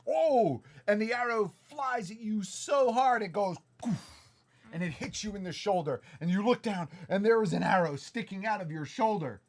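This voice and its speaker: A man's voice: sits high, moderate pace. A man acting as dungeon master, narrating a tabletop game for his child with playful, dramatic storytelling and sound effects.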